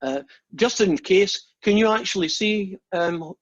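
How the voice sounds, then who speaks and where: A husky-voiced man gives a casual, joking math lecture over a video call. He chats with plenty of fillers and false starts. His pitch sits a little high, and the sound is dull and lo-fi. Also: unhurried. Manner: chatty, joking, with many fillers and restarts. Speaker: math teacher. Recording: dull lo-fi online call audio.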